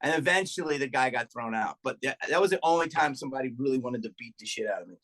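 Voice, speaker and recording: A middle-aged man, a comedian and podcast guest, telling profane, animated stories in casual chat and acting out what people said. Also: medium pitch, fast talker. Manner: profane, animated anecdote telling with acted-out quotes.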